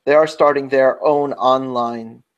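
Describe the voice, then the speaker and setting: A man with a New York accent, co-hosting a casual round-table podcast. He talks at a middle pitch in a chatty, rambling way and often doubles back mid-sentence. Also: steady tone, a little slow, highs cut off. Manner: chatty, rambling, self-interrupting. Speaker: podcast co-host.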